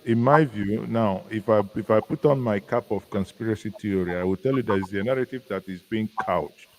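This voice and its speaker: A Nigerian man with a fairly low voice muses through a casual live discussion as a guest commentator. He halts and restarts his sentences as he talks. Faint noise runs behind him. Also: a little mellow, rough recording. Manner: musing, halting, with many restarts.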